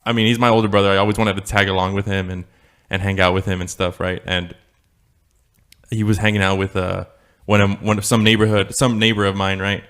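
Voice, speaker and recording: A man's voice: lowish voice, little pitch movement, fairly quick, fairly bright tone, clean tone. A young man co-hosting a podcast, telling a childhood story in a rambling, swearing, laughing way. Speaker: podcast co-host. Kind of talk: casual storytelling chat.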